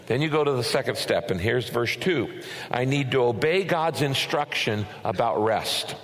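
A man's voice: a little high, a bit bright, big-room sound. A man preaching a sermon as pastor, emphatic, often restarting and repeating phrases as he addresses his congregation.

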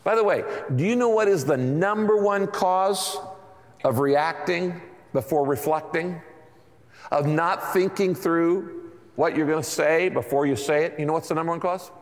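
A middle-aged man preaching in a conversational, talk-it-through manner, his voice sitting a little high for a man. His sermon rings out with the long reverb of a large church hall. He now and then slips into acted-out asides in other people's voices. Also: a little slow. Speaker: pastor.

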